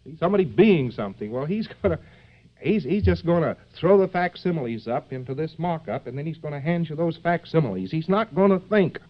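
This man's voice is fairly high, with lively intonation and a fairly quick delivery. Speaking live to an audience, he jokes, digresses, and scatters fillers and asides such as "see?" throughout. The old recording sounds dull and lo-fi.

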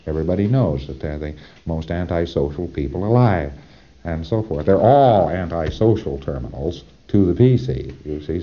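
A man's voice: extremely low pitch, warm tone, lo-fi sound. A man giving a conversational, emphatic training lecture, often checking in with "see?".

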